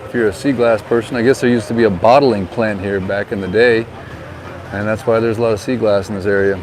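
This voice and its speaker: With a lowish, steady voice and a slightly fast delivery, a man narrates a casual walking vlog around a seaside town's harbor and streets. He works as a vlogger and real estate agent, giving friendly tips like a guide while outdoor street noise carries in the background.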